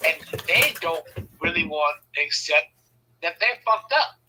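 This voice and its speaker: A man from Southern California telling personal stories in a casual, animated way, swearing freely and acting out the voices he quotes. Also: on the high side, measured pace, noisy background. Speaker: speaker sharing personal stories. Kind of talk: casual storytelling.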